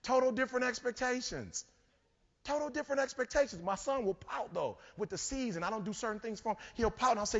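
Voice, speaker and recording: A man giving a motivational keynote, telling stories and building to shouts. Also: very high-pitched, expressive, fairly quick. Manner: preachy, storytelling, rising to shouts. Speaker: keynote speaker. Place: large conference hall. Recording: dull hall recording with long reverb.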